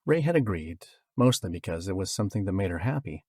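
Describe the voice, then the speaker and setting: A man narrating an audiobook in a wry, expressive storytelling manner, on a close studio mic. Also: low-pitched, fast, breathy edge, no room sound.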